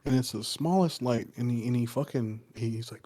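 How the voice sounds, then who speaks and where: A man's voice: medium pitch, brisk, mellow. A man casually telling a folk story on a podcast, swearing often and rambling with lots of fillers. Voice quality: loose, profane, rambling with many fillers. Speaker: podcast co-host.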